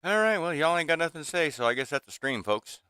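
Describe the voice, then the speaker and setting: Speaking fast and very animated, a livestream host in his fifties vents to his chat from a small home workshop room. His slightly high voice is bright, forceful, and smooth, and he rambles with many restarts and fillers. The recording is dry and studio quality.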